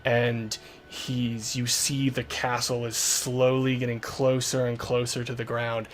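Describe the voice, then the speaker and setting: A man narrating a tabletop game as game master, describing scenes in an unhurried way full of fillers. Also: medium pitch, little pitch movement.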